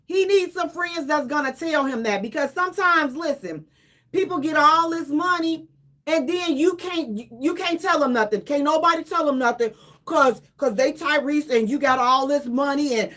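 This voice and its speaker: A woman radio host giving casual, animated commentary, emphatic and repeating herself for effect, with laughs between lines. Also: high voice, normal speed.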